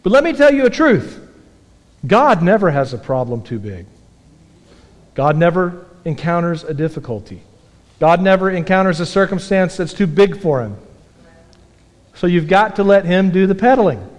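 A man's voice: sits high, sing-song, moderate pace, pauses often. A man preaching a sermon as pastor, moving from folksy storytelling to emphatic exhortation. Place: church sanctuary. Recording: long hall reverb.

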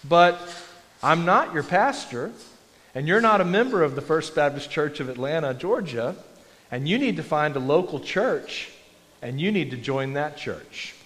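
A man voicing a gracious older male pastor who speaks slowly and kindly. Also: fairly high pitch, animated, a bit bright. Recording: long hall reverb.

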